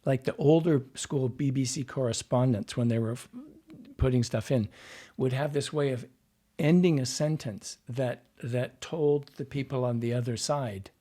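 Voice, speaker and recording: Mellow-voiced man explaining at length. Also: mid-range voice, fairly even intonation, normal speed. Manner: explains at length, wandering and digressive. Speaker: dialect coach and actor, guest. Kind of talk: casual podcast interview.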